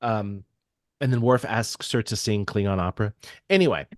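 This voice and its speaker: Co-host type: man with a lowish voice, halting and full of ums, on a dry close mic. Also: no room sound. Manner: hesitant, many ums and restarts. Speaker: podcast co-host. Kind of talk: casual chat.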